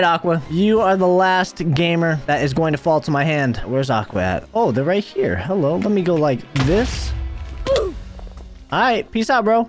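High, lively excitable young man. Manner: playful, excitable, trash-talking, jumps into high yelps. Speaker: gaming YouTuber. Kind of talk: gameplay commentary.

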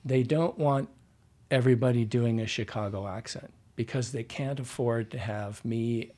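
A man's voice: medium pitch, normal speed, a little mellow. A middle-aged man, a dialect coach, telling anecdotes in a casual interview and quoting himself as he goes.

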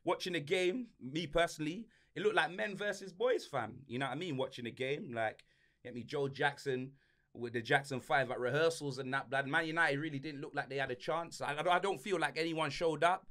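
Animated high-voiced man ranting. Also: a little fast. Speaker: podcast co-host. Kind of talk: casual banter podcast.

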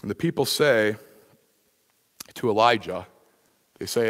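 A man's voice: lowish voice, normal speed, pauses often. Man preaching in a reverberant church. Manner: conversational preaching, frequent fillers and restarts. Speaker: pastor. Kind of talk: sermon. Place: church sanctuary.

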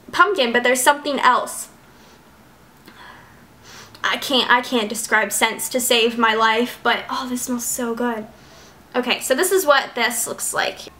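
A young woman vlogging at home, gushing excitedly as she unboxes products and chats casually. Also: high voice. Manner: gushing, excitable, lots of "like" and "oh my gosh". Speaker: beauty vlogger.

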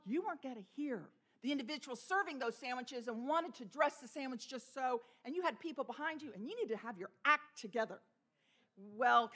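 Bright high-voiced woman preacher from Texas. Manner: storytelling with laughs and imitated voices. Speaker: pastor. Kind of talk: sermon. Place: church sanctuary.

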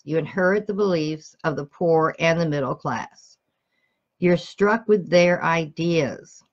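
A woman's voice: lowish voice, dull audio. A woman reading a self-help book aloud, stumbling and correcting herself now and then, and breaking off to speak straight to her listeners. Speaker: motivational reader.

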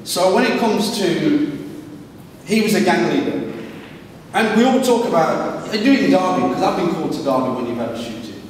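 A middle-aged man from England, a guest speaker giving an animated storytelling talk to a live audience, slipping into street voices for quotes. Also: on the high side, moderate pace. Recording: echoey hall, voice from far off, faint noise.

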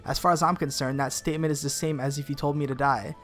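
A man reading the flat, blunt lines of a clingy young girl from a fantasy game. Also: fairly high pitch, quick pace, soft background music, lightly acted. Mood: deadpan.

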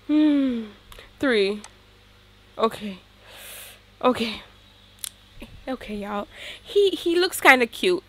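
A gaming YouTuber with a fairly high voice plays a life-sim game while chatting excitedly and casually to her audience.

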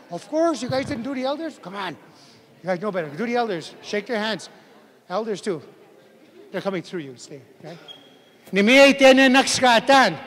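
A man teaching a language class who leads a group through a spoken drill, chuckles often and keeps urging them to speak up. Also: sits high. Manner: encouraging, chuckling, calls for more volume. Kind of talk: leading a group drill of a greeting. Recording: long hall reverb.

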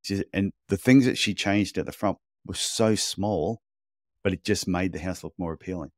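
A man's voice: sits low, normal speed, no echo, clean studio sound. A man, co-hosting a casual podcast and telling blunt, chatty stories. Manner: animated storyteller, blunt and chatty. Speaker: podcast co-host, podiatry business coach.

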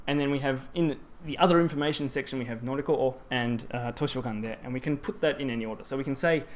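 A man's voice: mid-range voice, fast, hardly any pauses. A man presenting a talk on grammar at a conference, explaining step by step with frequent ums and restarts. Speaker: Japanese language presenter. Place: presentation hall.

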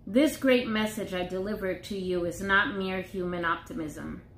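A woman co-pastor reading a Bible passage aloud, careful and measured. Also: mid-range voice, a bit bright. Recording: echoey room, off-mic, faint noise.

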